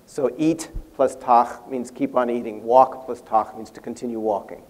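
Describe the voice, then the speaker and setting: An older man, a convention panel guest, telling an animated story and acting out quotes, laughing often. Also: mid-range voice, normal speed. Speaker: interview guest, language creator. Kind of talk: storytelling anecdote on stage.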